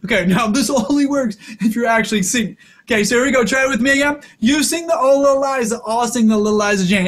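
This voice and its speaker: A man's voice: very high-pitched, brisk, fairly bright tone. A man teaching a kids' music lesson, upbeat and instructive, talking directly to the children.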